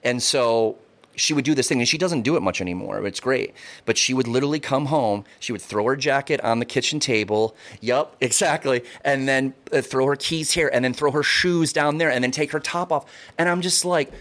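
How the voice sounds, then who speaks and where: A man's voice: medium pitch, brisk, a bit bright. A man in casual podcast chat, rambling and swearing freely, often repeating words as he tells stories.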